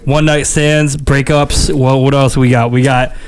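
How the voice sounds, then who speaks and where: A man's voice: medium pitch, little pitch movement, a little slow, slight background noise. A man hosting a casual podcast, swearing, laughing and doing voices as he tells stories. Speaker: podcast host.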